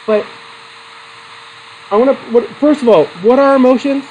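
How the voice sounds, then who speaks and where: A man's voice: very high voice, moderate pace, highs cut off, slight background noise. A man teaching a psychology class in a chatty, digressive way, laughing often and putting questions to his students. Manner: laughs often between points. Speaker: psychology instructor. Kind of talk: classroom lecture.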